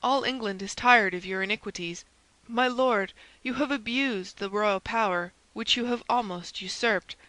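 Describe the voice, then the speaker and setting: A woman's voice: a little high, moderate pace, bright, forceful tone, no room sound, rough recording. A woman reading the part of an intense young man who pleads and threatens, her voice raised and urgent. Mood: fervent. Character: fervent young man, stern zealot.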